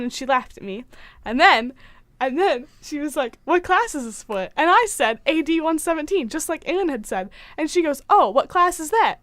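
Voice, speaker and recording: Young woman, high voice, dry close mic, casual storytelling host. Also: no echo. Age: young adult. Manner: animated, acts out quotes. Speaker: podcast co-host.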